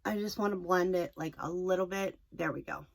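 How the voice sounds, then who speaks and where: A young woman chatting through a makeup tutorial, rambling and self-deprecating, a little hoarse. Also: lowish voice, fairly quick. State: slightly hoarse, losing her voice. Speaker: makeup vlogger.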